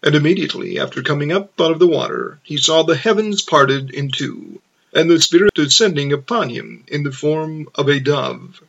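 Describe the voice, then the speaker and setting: A man narrates scripture in a slow, measured reading. His voice is a little high and has a gravelly texture. It is heard on a dull, lo-fi recording. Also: fairly bright tone. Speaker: scripture reader.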